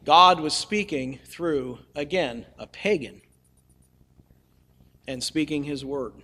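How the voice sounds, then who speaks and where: A man's voice: a little high, slow, sharp tone. A male preacher telling a scripture story in a folksy, humorous way, with casual asides to the listeners. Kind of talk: storytelling sermon.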